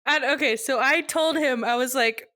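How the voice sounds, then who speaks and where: A woman's voice: high voice, moderate pace, pushed and bright, no echo, clean studio sound. A young woman co-hosting a podcast, telling a story in a casual chat with her brother and laughing often as she talks. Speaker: podcast co-host.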